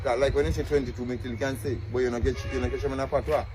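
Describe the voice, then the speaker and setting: A man quickly explaining words of the local language. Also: medium pitch, level tone, noisy background.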